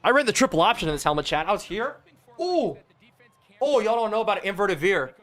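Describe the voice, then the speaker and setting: A young man streaming a football video game, calling the plays excitedly and chatting with his viewers, his voice worn out. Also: high voice, a little fast. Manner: excitable, talks to chat, play-by-play calls. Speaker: gaming streamer.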